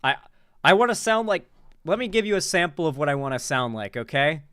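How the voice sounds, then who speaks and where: Woman, streamer host, casual livestream commentary, profane, rambling jokes, smooth clear voice. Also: sits low, lively intonation, brisk, a bit bright, no room sound, clean studio sound.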